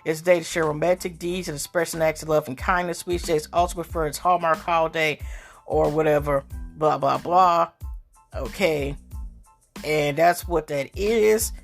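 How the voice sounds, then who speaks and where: A woman's voice: sits low, measured pace, vocal fry, faint music behind. A woman hosting a casual solo podcast, talking in a rambling, slangy way with many fillers and restarts. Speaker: podcast host.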